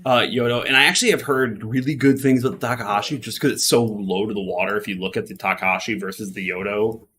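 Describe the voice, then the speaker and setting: A man's voice: on the low side, fairly even intonation, quick pace, hardly any pauses, a bit bright, a little hiss or hum. A man with a Midwestern accent, casually chatting and explaining on a game stream, with lots of fillers. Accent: Midwestern American.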